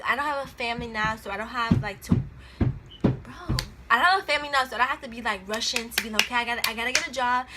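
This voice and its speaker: A woman's voice: on the high side, noisy background. A woman in her twenties, rambling in casual, slangy chat to the camera and often laughing. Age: 20s. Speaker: vlogger.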